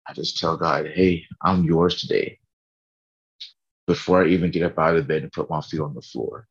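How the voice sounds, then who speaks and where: A man's voice: a bass voice, steady tone, moderate pace, breathy edge, muffled recording. A tired man in a casual faith vlog, earnestly rambling about his morning prayer from his bedroom. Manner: earnest, rambling, laughs at himself.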